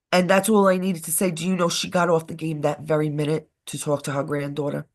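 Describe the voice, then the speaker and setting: On a live show she co-hosts, this woman chats casually through a meandering, lively tale, dropping curse words here and there. Her pitch leans low, and her speed is normal.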